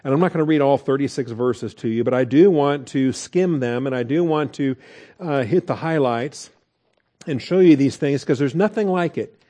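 A man's voice: mid-range voice, moderate pace, warm tone. A middle-aged man preaching a conversational sermon, asking rhetorical questions and growing emphatic. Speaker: pastor.

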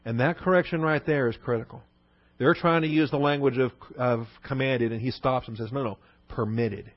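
Man, pastor, sermon, emphatic, rhetorical questions, mid pitch, dry dull sound. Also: normal speed, dry recording. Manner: emphatic, rhetorical questions, repeats key points. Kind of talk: expository sermon.

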